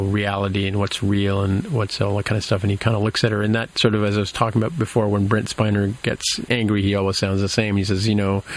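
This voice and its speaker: A man hosting a podcast, recapping a TV episode in a loose, rambling way with lots of fillers and restarts. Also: fairly low pitch. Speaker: podcast host.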